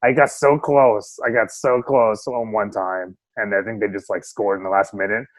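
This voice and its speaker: A man's voice: on the low side, fairly even intonation, moderate pace, no room sound. A man co-hosting a soccer podcast in casual chat, rambling with many restarts and frequent laughs. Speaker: podcast co-host. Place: home, remote call.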